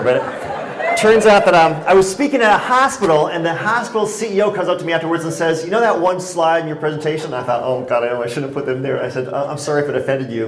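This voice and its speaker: A man's voice: a little high, roomy sound, slight background noise. A man from Connecticut giving a humorous public lecture on stress, telling stories and jokes to a laughing audience. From Connecticut, USA. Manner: joking, animated storytelling with audience laughter. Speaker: speaker giving a talk on stress.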